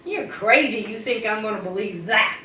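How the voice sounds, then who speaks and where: A woman's voice: mid-range voice, animated, moderate pace, pushed and bright. A woman voicing a sneaky, clever male rabbit in a spoken folk tale, with a wary, sassy way of talking. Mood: suspicious. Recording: echoey room, distant mic, faint hiss.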